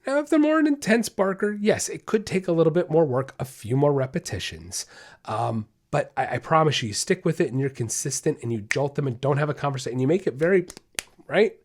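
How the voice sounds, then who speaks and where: A man hosting a dog-training podcast explains the steps casually and upbeatly, often checking in with listeners, calling them guys, and saying lots of okays and rights. His voice is fairly high and animated, and he talks a little fast.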